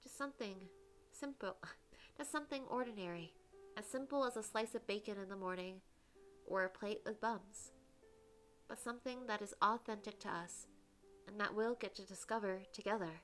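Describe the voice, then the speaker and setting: A woman reads a romance game aloud in the heroine's voice, stopping now and then to gush and chat about it. Her tone is bright and forward, with faint music playing under her voice. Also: mid-range voice, moderate pace. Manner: gushing, giggly asides between narration. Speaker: let's play streamer reading a dating game aloud. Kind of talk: reading game dialogue aloud with her own comments.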